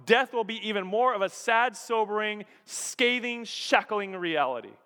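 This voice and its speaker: Man doing upset grieving woman, pleading, high voice, long hall reverb. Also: lively intonation, normal speed, pushed and bright, clear, resonant tone, heavily acted. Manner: pleading, rising emotional appeal.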